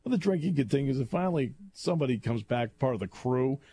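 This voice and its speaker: Husky, lively-voiced male radio host. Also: mid-range voice, fast talker, dry recording. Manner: animated, laughs at his own story. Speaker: radio talk show host. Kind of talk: casual storytelling on talk radio. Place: radio studio. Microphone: studio microphone.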